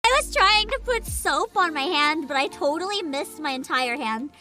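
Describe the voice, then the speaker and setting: A woman streaming a video game in casual chat, excitable, often shrieking, laughing and swearing. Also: sits high, normal speed. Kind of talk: casual gaming livestream. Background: game music.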